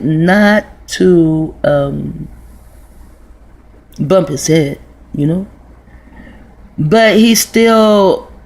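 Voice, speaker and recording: A woman's voice: lowish voice, a little mellow. A woman in her forties telling a long, rambling, profane story in a casual vlog monologue, full of restarts. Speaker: vlogger.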